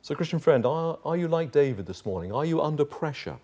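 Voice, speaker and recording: A pastor preaching a sermon, putting direct questions to the congregation and building to urgent, impassioned pleading. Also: male voice, fairly high pitch, expressive, a little fast, dark tone. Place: chapel.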